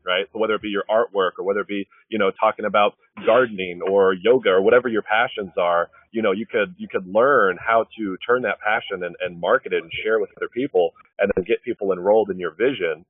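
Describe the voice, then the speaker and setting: A man giving a fast, earnest motivational pitch, often checking in with "right?". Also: dry recording. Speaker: webinar presenter. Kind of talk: motivational sales talk. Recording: dry tinny phone-like line.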